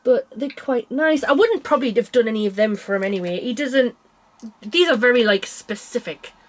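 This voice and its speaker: A woman's voice: fairly high pitch, moderate pace. A young woman chatting casually about cross stitch designs, tired and yawning, rambling with small laughs. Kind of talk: casual chat.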